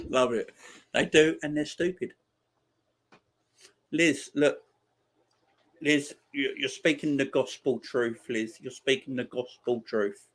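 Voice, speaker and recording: A man in his forties, talking through a live football watchalong. He is chatty and excitable and keeps up a running banter with his viewers. His voice sits at an ordinary middle pitch. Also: takes it slowly, long pauses. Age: 40s. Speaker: streamer.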